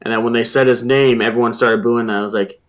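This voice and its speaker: A man's voice: medium pitch, fast. Casual man recounting a race trip. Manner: relaxed storytelling with fillers and quoted asides. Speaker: podcast guest. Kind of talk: casual podcast chat.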